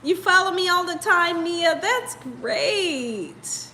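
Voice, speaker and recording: A woman's voice: very high-pitched, lively intonation, slow pace, pushed and bright, a little hiss or hum. A woman hosting a live cooking stream, chatting casually with viewers, laughing often and sounding tired. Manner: giggly, laughs often while reading comments. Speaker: cooking show host.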